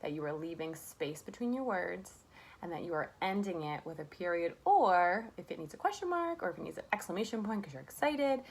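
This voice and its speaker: A woman's voice: on the low side, sing-song, brisk. A young woman teaching a kindergarten class remotely from home, in a sing-song, encouraging way with lots of rhetorical questions, recorded on a camera mic. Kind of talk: remote lesson to young children.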